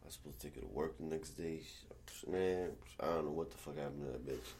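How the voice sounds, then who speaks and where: A man's voice: rumbling low, fast talker. A man telling a rambling, profane story to friends in casual chat, with faint noise behind him. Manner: profane, rambling, animated when quoting.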